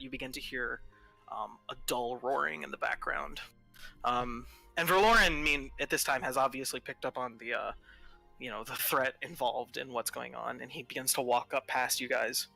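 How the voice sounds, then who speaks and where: Man, game master, tabletop narration, hesitant with fillers, sharp bright voice. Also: medium pitch, normal speed, vocal fry, soft background music, rough recording.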